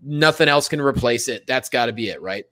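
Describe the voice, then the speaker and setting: A man's voice: mid-range voice, animated, a little fast, sharp tone. A young man from Pennsylvania, a comedian telling a self-mocking story in a casual podcast chat.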